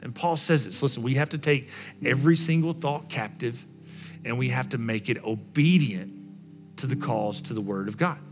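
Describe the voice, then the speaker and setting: A man's voice: mid-range voice, moderate pace, soft background music. A male pastor preaching a sermon, speaking emphatically and repeating phrases for effect.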